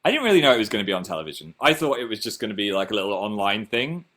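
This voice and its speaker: A man's voice: fairly low pitch, big pitch swings, very fast, fairly bright tone. A young man with a Northern English accent, casually chatting on his own livestream and reading out viewer comments in a chatty, self-mocking way. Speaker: livestream host.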